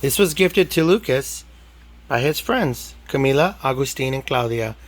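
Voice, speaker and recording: A man reading a rhyming picture book aloud to a child, with expressive, rhythmic delivery. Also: mid-range voice, moderate pace. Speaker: storybook reader.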